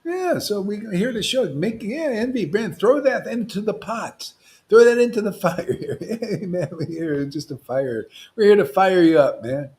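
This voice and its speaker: Animated man preaching with a raised voice. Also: sits high, measured pace, few pauses. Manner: animated and provocative, swings from loud to hushed, laughs often. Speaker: spiritual teacher. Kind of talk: informal devotional preaching.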